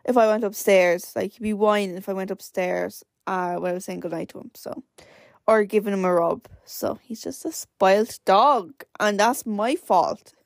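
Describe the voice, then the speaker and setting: A nineteen-year-old Irish woman rambles chattily on her own solo podcast, filling her talk with "like" and other fillers. Her voice sits at medium pitch with vocal fry, moving at normal speed, in a dry, studio-quality recording.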